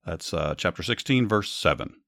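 A man hosting a podcast, narrating a Bible story and giving commentary in a measured, earnest reading. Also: low-pitched, expressive, creaky, a bit bright, no echo, clean studio sound.

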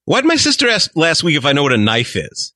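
A man co-hosting a podcast, bantering casually with quick, joking remarks and questions. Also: a little high, wildly swooping pitch, sharp tone, dry recording, clean studio sound. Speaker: podcast co-host.

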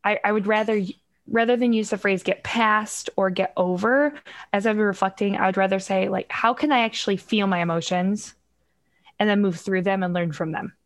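A woman's voice: mid-range voice, fairly even intonation, normal speed. A middle-aged woman talking as a podcast guest, explaining parenting and emotions in a reflective way and acting out examples. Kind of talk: casual podcast conversation.

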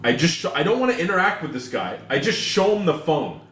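A man's voice: on the high side, big pitch swings, quick pace, fairly bright tone. A man co-hosting a podcast, telling a profane, exasperated story in casual chat and putting on other people's voices. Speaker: podcast co-host. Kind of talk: casual chat, ranting anecdote. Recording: echoey room with faint noise.

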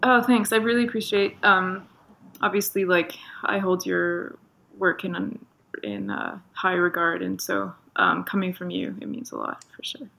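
A woman's voice: lowish voice, lively intonation, measured pace, creaky, sharp tone. Giggly Canadian woman chatting. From Toronto, Canada. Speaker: guest. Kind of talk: casual interview chat.

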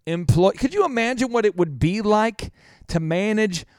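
On a business talk show, a man with a high, bright, resonant voice tells stories with energy, acting out the people he quotes. He speaks clearly at a normal speed, and the studio sound is close and dry with no room around it.

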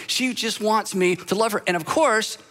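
A man's voice: sits high, moderate pace, a bit bright. A middle-aged male pastor delivering a sermon in a conversational way, with humorous asides and repeated phrases.

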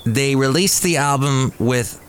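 A man's voice: medium pitch, measured pace, a little hiss or hum. A man hosting a podcast in a casual monologue who rambles and corrects himself aloud. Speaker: podcast host.

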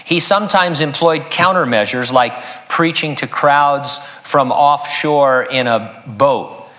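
A man's voice: medium pitch, takes it slowly, bright, forceful tone. A man preaching an expository sermon as a pastor, earnest and teaching, reading scripture aloud.

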